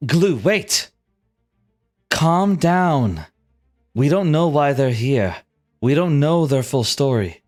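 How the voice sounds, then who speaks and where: A man voicing a woman who urges calm and restraint in a tabletop game. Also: on the high side, takes it slowly, long pauses, faint music behind, pitched above the performer's own voice. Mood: pleading. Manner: urgent, pleading.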